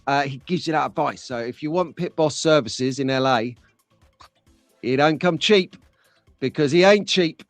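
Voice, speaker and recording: A man's voice: on the high side, normal speed, no echo, faint music behind. A man hosting a casual live stream, chatty and jokey, talking to viewers by name.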